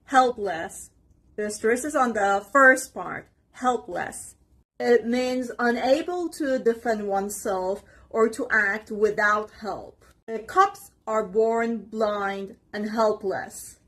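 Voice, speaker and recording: A woman teaching English vocabulary, pronouncing each word slowly and deliberately. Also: fairly high pitch, a bit bright. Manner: slow, deliberate word-by-word pronunciation drills. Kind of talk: vocabulary lesson.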